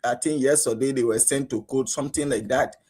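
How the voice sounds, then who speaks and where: Husky Liberian man ranting on radio. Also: brisk. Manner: animated, rising pitch when outraged, acts out police exchanges. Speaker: radio panelist. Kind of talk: talk radio commentary.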